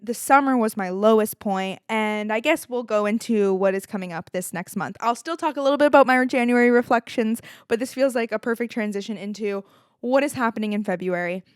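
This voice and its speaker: A woman's voice: fairly high pitch, brisk, clean tone, dry recording, studio quality. A young woman, hosting a solo podcast in a candid, casual, chatty way, with filler likes and the odd swear word. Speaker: podcast host.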